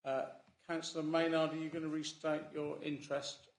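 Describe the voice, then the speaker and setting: A man's voice: a little high, level tone, fairly quick. A man chairing a council planning meeting, speaking with fillers and self-corrections at a desk microphone. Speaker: committee chair. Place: council chamber. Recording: echoey council chamber with faint room noise.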